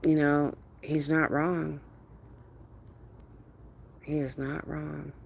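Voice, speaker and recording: Her voice sits low and darkish, with vocal fry, a level tone, and drawn-out words, over slight background noise. The woman is hosting a casual livestream, greeting viewers by name, laughing often, and mimicking other people in quotes.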